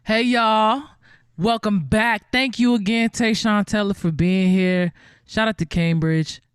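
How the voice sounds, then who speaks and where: A high-pitched man hosts an online benefit concert, talking casually from home. He rambles and gets animated, with many fillers and restarts. The sound is dry and close, with no room echo. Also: a little slow, clear, resonant tone. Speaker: host of a virtual benefit concert. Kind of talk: casual hosting chat.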